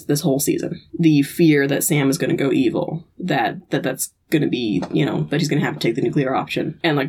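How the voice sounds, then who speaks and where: A woman's voice: low-pitched, a little mellow, breathy edge. A woman hosting a podcast, earnestly retelling an episode in casual chat and often restarting her sentences. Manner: earnest storytelling with frequent restarts.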